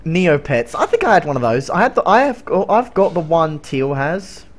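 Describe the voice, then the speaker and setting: A man's voice: a little high, sing-song, normal speed. A young man streaming a game, rambling and joking casually with a voice that sounds strained. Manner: rambling, joking, coughing between lines.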